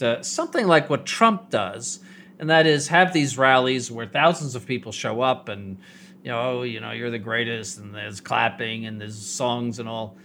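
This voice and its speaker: A man's voice: mid-range voice, fairly bright tone. A man, a bishop, talks through a radio discussion. He stumbles and restarts often, then lands his points with emphasis. His voice sits in a middle register, with faint noise in the background. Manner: halting, many restarts, emphatic.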